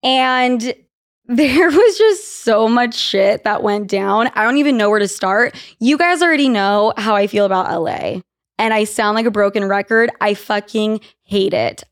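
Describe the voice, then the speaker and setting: A woman's voice: fairly high pitch, animated, measured pace. A young woman hosting a podcast, chatting casually and telling stories, swearing freely and laughing as she goes. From Utah. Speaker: podcast host. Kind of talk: casual chat.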